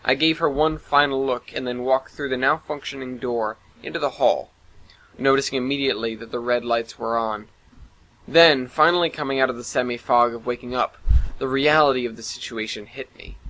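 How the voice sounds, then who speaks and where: A man's voice: medium pitch, steady tone, normal speed, pushed and bright, rough recording. A man narrating a first-person science fiction story in an earnest, dramatic reading.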